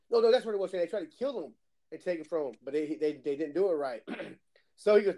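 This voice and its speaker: A young man with a fairly high, mellow voice tells animated gaming stories in a casual podcast chat. He acts out the other players in quick voices. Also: slight background noise, poor audio. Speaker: podcast co-host.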